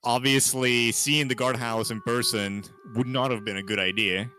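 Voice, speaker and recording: A man's voice: mid-range voice, fairly even intonation, moderate pace, pushed and bright, soft background music. A man playing in a tabletop game, thinking aloud hesitantly with fillers. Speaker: player. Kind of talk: casual table talk.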